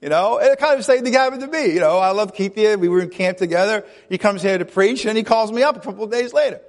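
High-voiced pastor preaching in a hall. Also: male voice, lively intonation, quick pace. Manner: chatty, laughing often, acts out quoted voices. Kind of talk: sermon. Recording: long hall reverb.

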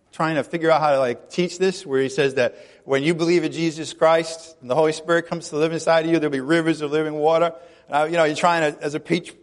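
A man with a high, light voice preaches a casual, chatty sermon, often laughing and acting out little quoted lines. His voice rings with the long reverb of a big hall. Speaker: pastor.

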